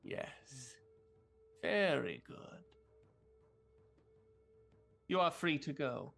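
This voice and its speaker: A man voicing an eerie old female witch who speaks slowly and quietly in a low murmur. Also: sing-song, creaky, faint music behind, full character voice. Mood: stern. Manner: slow, low, murmuring delivery.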